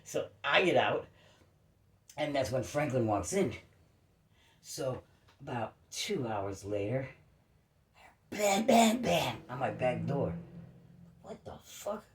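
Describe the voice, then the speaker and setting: Animated, rambling woman in an echoey room. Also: rumbling low, takes it slowly, long pauses. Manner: rambling, profane, animated storytelling. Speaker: neighbor telling a story. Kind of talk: casual chat.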